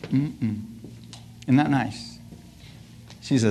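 A man's voice: medium pitch, slow, slight background noise. A man preaching a sermon to a congregation, often calling out hallelujah and amen, asking his listeners questions and laughing as he goes. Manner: call-and-response asides, frequent hallelujahs and laughs; acts out scripture scenes in lively voices.

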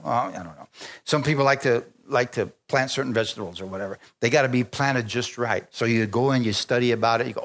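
A man preaching a sermon, telling stories with lively energy, stopping often to restart phrases and calling for amens. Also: mid-range voice, fast talker. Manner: animated storytelling with frequent restarts and calls for amen.

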